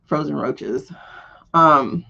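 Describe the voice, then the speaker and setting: A woman's voice: low voice, drawn-out words, gravelly, sharp tone, muffled recording. A woman hosting a live tarot stream, chatting casually and bluntly with her viewers. She swears freely and laughs often.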